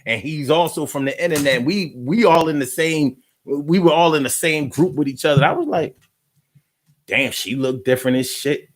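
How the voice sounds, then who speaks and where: A man chatting casually on a live stream, telling stories in an animated, slangy way, repeating his phrases and reading out viewer comments. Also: fairly high pitch, moderate pace.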